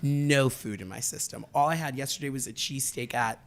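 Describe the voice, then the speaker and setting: A woman co-hosting a podcast in casual chat, recounting her morning in a deadpan, matter-of-fact way. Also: very deep voice, fairly quick. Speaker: podcast co-host.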